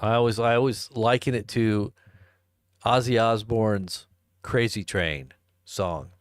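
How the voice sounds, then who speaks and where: A man's voice: lowish voice, slow pace, dry recording, studio quality. A man hosting a live stream, rambling in a casual, joking way and chuckling as he answers chat. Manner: rambling, chuckling, jokey asides.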